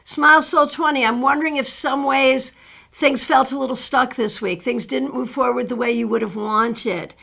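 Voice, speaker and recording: A middle-aged woman hosting a live tarot stream, chatting warmly as she greets viewers by name and reads their cards. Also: high voice, steady tone, moderate pace, gravelly.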